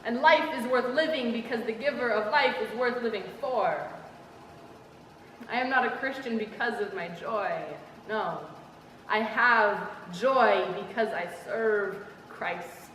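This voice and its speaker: A woman's voice: on the high side, unhurried, a bit bright, slight background noise. Teenage girl, spoken word performance, emphatic rhythmic delivery, long hall reverb. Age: teens. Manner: rhythmic, emphatic, repetitive cadence. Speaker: student poet. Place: school hall. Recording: echoey hall from far off.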